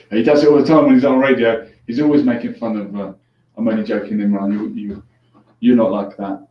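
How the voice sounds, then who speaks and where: Chatting casually with callers, this call-in host jokes and laughs easily, speaking in a level, mid-range voice at normal speed with frequent pauses. He's wearing headphones, the mic is distant, and the echoey room gives a dull lo-fi quality.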